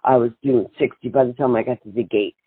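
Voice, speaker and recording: Older woman, brash storyteller, husky voice, tinny phone line. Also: very deep voice, fast talker, no room sound. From Boston. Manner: brash, animated, laughs often. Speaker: guest, singer and author. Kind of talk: storytelling interview.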